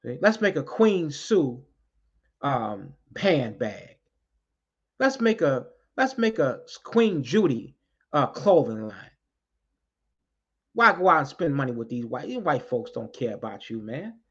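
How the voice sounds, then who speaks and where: A man speaks in a fiery, preaching manner, hammering his points by saying them twice and swearing without holding back. His voice sits at an ordinary middle pitch. The recording is dull and lo-fi. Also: big pitch swings, unhurried, slightly rough. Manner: fiery, preaching, repeats key lines for emphasis; blunt, swears freely. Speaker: community activist addressing street groups. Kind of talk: impassioned spoken address.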